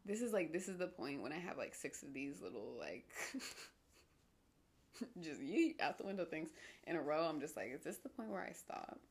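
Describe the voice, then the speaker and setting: Young woman, solo podcast host, rambling, self-mocking, whispery asides, vocal fry. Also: low voice, sing-song, moderate pace.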